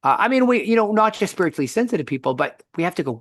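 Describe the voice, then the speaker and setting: Animated male storyteller, dry close sound. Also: sits high, rapid-fire, dry recording. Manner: animated storyteller, frequent restarts. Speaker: podcast co-host. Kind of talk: conversational storytelling and teaching.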